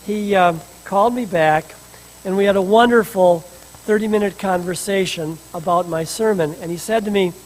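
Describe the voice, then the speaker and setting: A man's voice: sits high, normal speed, low-quality recording. A male minister delivering a sermon, emphatic with humorous asides, in a church sanctuary.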